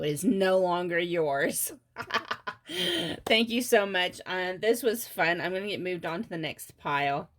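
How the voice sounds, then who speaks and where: Woman, tarot reader, unhurried lower voice, giggly and halting. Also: fairly bright tone. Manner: giggly, halting with many fillers. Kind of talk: casual pick-a-card reading.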